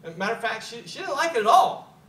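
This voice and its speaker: Middle-aged man, motivational storyteller, high bright voice, echoey room, mic at a distance. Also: very animated, fast. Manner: repeats words when starting sentences, chuckles often. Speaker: speaker at a business opportunity meeting.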